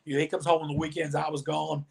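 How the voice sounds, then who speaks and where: Creaky and husky, slightly high, and quick, the voice comes from a middle-aged ex-wrestler being interviewed. He launches into long anecdotes, dramatizing the quoted words of other people.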